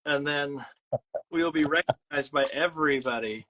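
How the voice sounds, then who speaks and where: A man's voice: on the high side, normal speed, fairly bright tone, poor audio. A man hosting a podcast, talking casually with lots of fillers and an upbeat manner. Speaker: podcast host. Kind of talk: casual interview chat.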